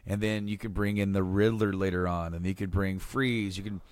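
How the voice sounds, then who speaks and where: Low-voiced male podcast host, rambling. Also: fairly even intonation, moderate pace, smooth, dry recording, clean studio sound. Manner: rambling, enthusiastic recap with many restarts. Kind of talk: casual chat.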